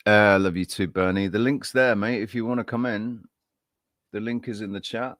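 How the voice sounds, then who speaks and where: Friendly, rambling stream host, English man with a low voice and dry sound. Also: fairly even intonation, moderate pace, fairly bright tone, no room sound. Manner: rambling, friendly, greets viewers by name. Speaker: livestream host. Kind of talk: casual live-stream chat.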